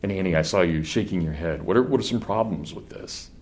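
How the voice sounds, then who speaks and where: A man's voice: low-pitched, a little fast, darkish tone, slight background noise. A middle-aged man with a Kansas accent giving a conversational classroom lecture and putting questions to his students. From Kansas, USA.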